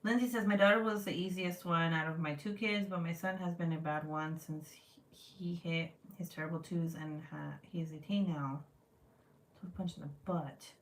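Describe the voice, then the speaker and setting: A woman in her thirties hosting a livestream, telling animated, profane family stories and reading out viewer comments in casual chat. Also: lowish voice, normal speed. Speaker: livestream host. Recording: roomy, distant from the mic.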